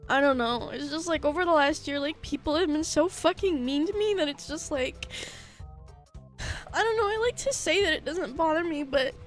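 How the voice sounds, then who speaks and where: A young woman streamer talking haltingly on a livestream, tearful, with many fillers, curses and nervous laughs. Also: sits high, faint music behind. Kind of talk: emotional livestream chat.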